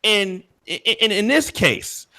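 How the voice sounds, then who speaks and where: A man with a high, very lively voice, arguing a point in casual debate. He stops and restarts often, repeating words as he works out what he means. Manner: halting, repeats words while building an argument. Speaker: podcast co-host.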